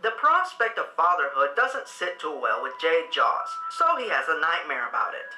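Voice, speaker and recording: A man's voice: on the high side, wildly swooping pitch, normal speed, reverberant, music in the background, low-quality recording. A man narrating a comedic film review in a sarcastic, mocking way.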